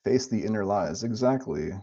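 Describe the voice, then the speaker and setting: A man's voice: lowish voice, expressive, normal speed, dark tone, breathy edge, lo-fi sound. A man live-streaming and answering chat in a casual, profane, rambling way, talking about spiritual ideas.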